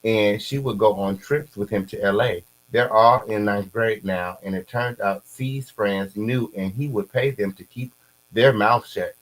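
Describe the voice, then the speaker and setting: Casual dude reading posts out loud, gets loud and squeaky when hyped, little hum behind. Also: male voice, measured pace, low-quality recording. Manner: animated, repeats catchphrases, pitch jumps up when excited. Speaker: commentary host. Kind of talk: casual commentary reacting to posts.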